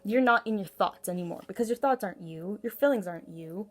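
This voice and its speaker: A woman talks through a casual tarot reading from home in a voice of ordinary middle pitch. She rambles and gushes, circling back on herself with plenty of "like" and "um", and keeps the feel of an informal one-to-one reading. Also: quick pace, faint music behind. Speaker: tarot reader.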